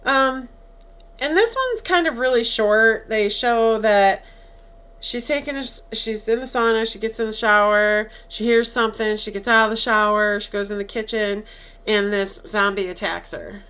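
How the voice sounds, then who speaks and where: A woman's voice: fairly high pitch, normal speed, smooth. A woman co-hosting a podcast, casually retelling a movie scene by scene and acting out quoted lines. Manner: animated, acts out quoted lines with laughs. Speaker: podcast co-host.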